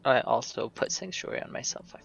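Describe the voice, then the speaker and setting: A man chatting casually as a player at a tabletop game, upbeat and quick to laugh. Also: music in the background. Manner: upbeat, laughs between lines.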